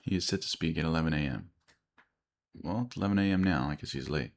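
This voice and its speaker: A man's voice: extremely low pitch, fast, vocal fry. A tired man chewing gum as he talks, muttering and thinking aloud while he trades live on a stream. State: tired, yawning. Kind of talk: casual live-stream commentary.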